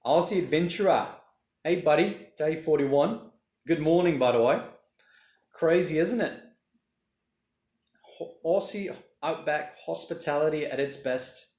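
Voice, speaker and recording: A man's voice: fairly high pitch, unhurried, pauses often, a little mellow, reverberant. A man hosting a casual livestream, rambling and reading viewer comments aloud. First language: Portuguese. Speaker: livestream host reading chat. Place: home room during lockdown.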